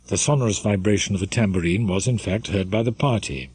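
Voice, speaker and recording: A man reading a classic novel aloud in scripted audiobook narration, measured and expressive. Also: lowish voice, husky, no echo. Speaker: audiobook reader.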